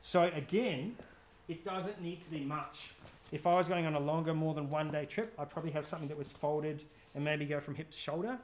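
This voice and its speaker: A man's voice: a little high, brisk, slight background noise. A man giving a chatty, jokey outdoor safety workshop, often quizzing his audience. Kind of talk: live gear workshop talk.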